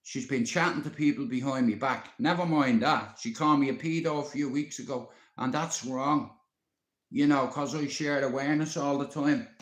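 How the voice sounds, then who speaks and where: A man's voice: medium pitch, normal speed. An upset Irish man on a live stream, rambling and swearing often as he talks to a friend. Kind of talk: emotional live-stream rant. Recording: echoey roomy sound.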